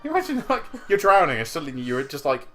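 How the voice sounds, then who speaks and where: A man's voice: fairly high pitch, very animated, fast talker, fairly bright tone, faint music behind. A man co-hosting a gaming video, bantering and cracking jokes in casual chat. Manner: jokey, bantering. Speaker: co-host.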